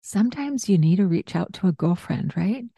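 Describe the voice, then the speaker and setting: Woman, podcast host, low pitch, dry sound, conversational teaching, explains with examples. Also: expressive, moderate pace, creaky, breathy edge, no room sound. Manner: explains warmly with examples and asides.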